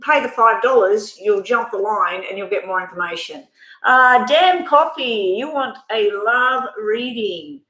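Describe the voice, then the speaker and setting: A woman's voice: mid-range voice, measured pace, pushed and bright, reverberant, poor audio. A middle-aged Australian woman giving a rambling, frank tarot reading on a live stream. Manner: chatty, rambling, frank with mild swearing. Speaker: tarot reader.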